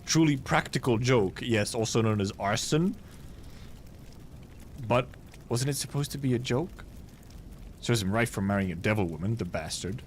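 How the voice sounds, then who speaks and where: A man's voice: on the low side, moderate pace, pauses often, a little hiss or hum. A man from Finland, a native Finnish speaker, reading a game story aloud on stream with casual, joking asides.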